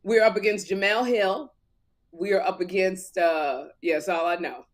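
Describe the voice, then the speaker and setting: A woman co-hosting a podcast in casual chat, telling stories with laughter and loud bursts when she retells scenes. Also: fairly low pitch, normal speed. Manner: animated, laughing storyteller who gets loud in retellings. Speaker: podcast co-host.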